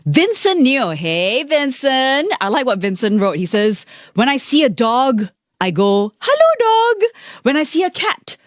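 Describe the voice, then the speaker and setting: A woman's voice: fairly high pitch, a little slow, no echo. A woman with a Singaporean accent hosting a live radio show from a studio mic, chatting playfully and reading out listener messages. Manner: animated, playful, reads listener messages aloud. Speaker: radio host. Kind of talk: lively live radio chat.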